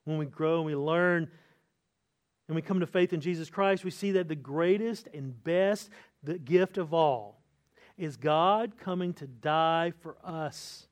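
Man, pastor, sermon, high-pitched, earnest, emphatic slowdowns. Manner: earnest preaching, slows and lifts voice for emphasis.

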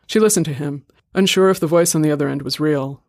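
A man reading a short story aloud in a steady, measured way. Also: fairly high pitch, dry recording, studio quality. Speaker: story reader. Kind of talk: scripted narration.

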